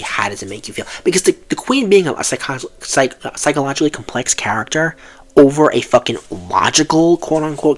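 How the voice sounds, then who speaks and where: A man's voice: mid-range voice, fairly bright tone. A man giving a film review as a heated, profane rant, with frequent restarts and exasperated asides.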